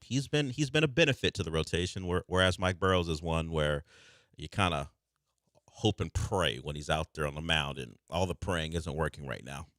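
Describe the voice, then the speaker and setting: A man's voice: very deep voice, moderate pace, a bit bright, no room sound, clean studio sound. A man hosting a sports radio show, talking casually and rambling with restarts. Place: radio studio.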